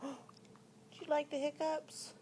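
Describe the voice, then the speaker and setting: A woman's voice: high-pitched, flat delivery, unhurried, dark tone, slight background noise. A young woman filming at home, playfully baby-talking and laughing as she coos at her infant. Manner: playful, cooing, laughing often. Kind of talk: home video baby talk.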